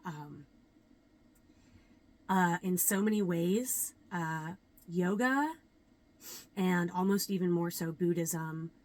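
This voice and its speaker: A young adult woman, a yoga teacher, talking earnestly and reflectively to camera, with many ums and pauses. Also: lowish voice, a little mellow. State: a little nervous. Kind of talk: casual talk to camera.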